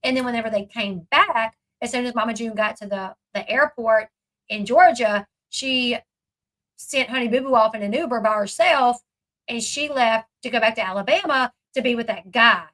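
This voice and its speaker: A woman talks through a reality-show clip in a casual, chatty way. Her voice sits high, and she leans hard on her points with plenty of fillers. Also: moderate pace, pushed and bright, low-quality recording. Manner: chatty, emphatic, fillers and asides. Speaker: commentary channel host. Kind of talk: casual reaction commentary.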